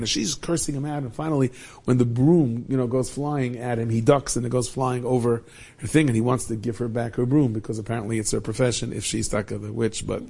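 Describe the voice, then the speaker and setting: A man telling a Hasidic tale in a lively way, dropping in many Yiddish and Hebrew words. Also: mid-range voice, a little fast, creaky, breathy edge. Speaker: storyteller.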